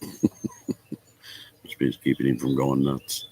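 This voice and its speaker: Very deep husky-voiced laughing man. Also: monotone, slow pace, dark tone. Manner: laughs often, swears casually. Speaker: livestream host chatting with viewers. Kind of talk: casual chat.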